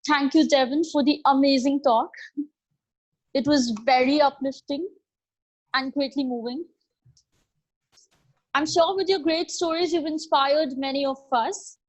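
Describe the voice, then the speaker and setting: A woman's voice: high-pitched, rough recording. A woman moderating a conference question round, polite and formal.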